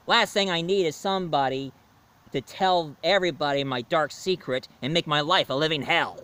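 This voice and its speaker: A man hosting a comedic review in an animated, exasperated way, often exclaiming. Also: a little high, clear, resonant tone.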